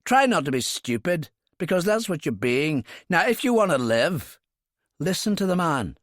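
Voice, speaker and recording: A man's voice: fairly high pitch, very animated, moderate pace, no echo, studio quality, pitched above the performer's own voice. A man doing a cheeky, cutting Irish tough.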